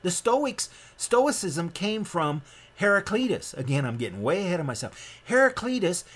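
A man's voice: very animated, normal speed, fairly bright tone. A man from Nebraska giving a sermon-style lecture, emphatic and rambling, often restarting his sentences. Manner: emphatic and rambling, with frequent restarts and sudden rises in pitch.

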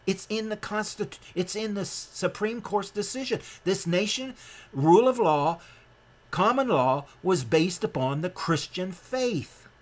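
A man's voice: expressive, a little slow. A man from Nebraska delivers a heated sermon-style lecture in a slightly raised voice. He talks emphatically and in a rambling way, doubling back on his words and restarting sentences as he pushes his point. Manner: emphatic and rambling, with frequent restarts and sudden rises in pitch.

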